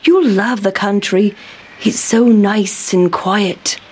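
A woman voicing a gentle, friendly male country mouse in a storybook. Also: mid-range voice, slow, slightly rough. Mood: welcoming.

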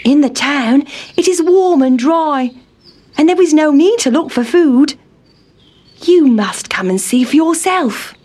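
A man's voice: very high-pitched, expressive, measured pace, a little mellow, pitched above the performer's own voice. A woman voicing a fussy, complaining male town mouse in a storybook. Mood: coaxing. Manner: whiny, complaining.

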